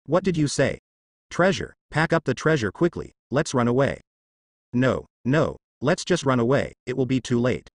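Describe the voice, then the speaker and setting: A man voicing a boastful, cowardly clown pirate captain in a storybook reading, loud and brash. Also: medium pitch, very animated, normal speed, no echo, studio quality. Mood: panicked.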